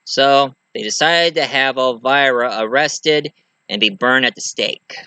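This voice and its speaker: A man's voice: mid-range voice, a little slow, bright, forceful tone, smooth, no room sound. A man casually retelling a movie plot as a reviewer, rambling and chatty, with loose grammar and many fillers.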